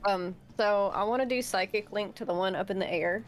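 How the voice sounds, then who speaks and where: A woman's voice: mid-range voice, a little fast, soft background music. A woman playing a tabletop game, a bit unsure, checking the rules aloud before each move. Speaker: player. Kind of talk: casual tabletop game play.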